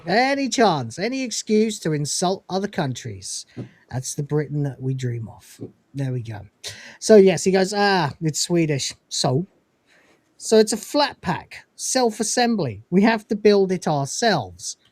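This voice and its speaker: Unhurried and high-pitched, a man speaks on a recording with no room sound. As the host of an easygoing episode-review show, he recaps scenes like a lively storyteller, performing the characters' lines.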